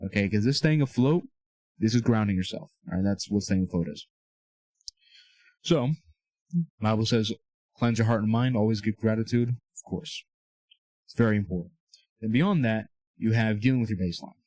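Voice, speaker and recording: The recording is dry as a young Christian self-improvement speaker, voice on the low side and darkish, talks at normal speed with long pauses. Standing in a small room with a whiteboard, he earnestly coaches listeners on faith and self-improvement in a casual way, checking in with "okay?" and "all right?"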